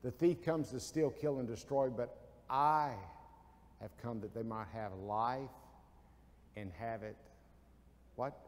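A man's voice: mid-range voice, slow, long pauses, long reverb tail. A man preaching a folksy sermon in a church, asking his listeners questions and answering them himself. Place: church sanctuary.

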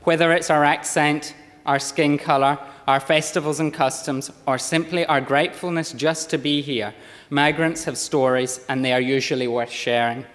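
A Scottish MP in his thirties, whose lowland accent has softened after years in Australia, reads a formal speech in parliament with fairly even intonation. The delivery is measured, with occasional slips, and the big chamber gives the sound a long reverb.

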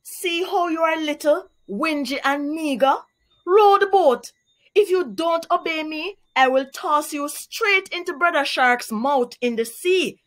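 A woman's voice: lively intonation, takes it slowly, full character voice. A woman voicing a scheming, bossy male spider trickster in a read-aloud storybook, speaking in a raised, commanding voice. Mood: bossy threatening. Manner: bossy, threatening, raised higher voice.

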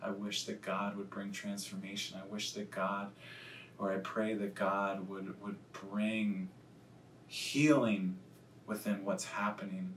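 A man, a pastor, preaching a sermon in an earnest, confessional way and slowing down to stress key words. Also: flat delivery. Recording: echoey room, distant mic, faint rumble.

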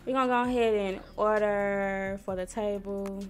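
A young woman from Missouri, chatting casually to viewers while she plays a life-sim game, squealing when something excites her. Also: mid-range voice, normal speed. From Missouri, USA. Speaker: gaming streamer. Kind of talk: casual gameplay commentary. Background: soft R&B background music.

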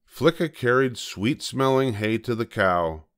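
An older man reading a children's story aloud as storyteller, gentle and measured. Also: mid-range voice, lively intonation, clear, resonant tone.

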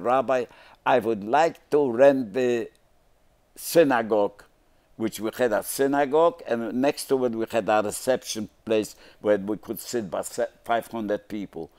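A man's voice: lowish voice, darkish tone. A man in his nineties telling his life story in a TV studio interview, with broken grammar, acting out the dialogue as he goes. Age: 90s. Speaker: interview guest.

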